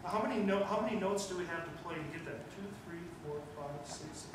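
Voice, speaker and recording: A man leads a school wind band through rehearsal, coaching in a brisk, direct way and counting and scatting rhythms aloud. His voice sits high for a man. He is picked up from well across an echoey rehearsal room, with clear background noise. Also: recorded from a distance. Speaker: guest band conductor. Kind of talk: ensemble rehearsal instruction. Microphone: far room mic.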